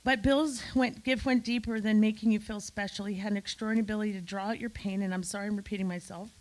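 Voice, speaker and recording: A woman's voice: medium pitch, fairly even intonation, fast, low-quality recording. A woman giving an emotional, effusive eulogy at a memorial gathering, speaking straight to friends in the room.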